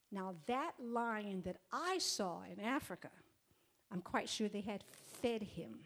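A woman preaches a sermon emphatically, repeating phrases and sometimes sinking to a near whisper. Her voice is on the high side, expressive and unhurried.

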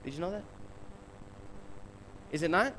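Emphatic preacher asking rhetorical questions. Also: male voice, high voice, expressive, a little slow, fairly bright tone, slight background noise, poor audio. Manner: emphatic, full of rhetorical questions, addresses the congregation directly. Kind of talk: sermon.

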